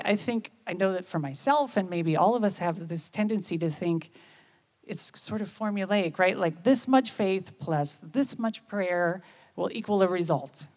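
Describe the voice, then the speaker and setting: A woman, giving a conversational sermon and often checking in with listeners with quick questions. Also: on the low side, a little mellow. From United States. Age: 50s. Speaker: speaker at church.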